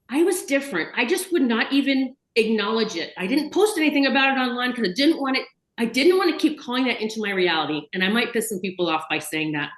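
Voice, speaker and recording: A woman's voice: on the high side, a bit bright, echoey room, poor audio. A woman hosting a casual video chat interview, chatty and enthusiastic, talking in long run-on bursts over a video call. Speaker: host.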